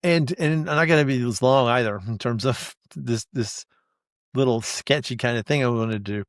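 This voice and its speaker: A man hosts a podcast as a casual, rambling monologue, with a steady voice at a middle pitch. He restarts his sentences often and pokes fun at himself. He is recorded close on the mic, and the sound is dry. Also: normal speed, no echo. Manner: rambling, self-deprecating, frequent restarts and laughs. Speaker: podcast host.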